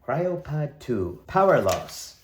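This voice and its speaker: Man as a sci-fi ship's warning computer, droning and slow, recorded in an echoey room. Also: a little high, sing-song. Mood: mechanical. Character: cold automated cryopod warning system.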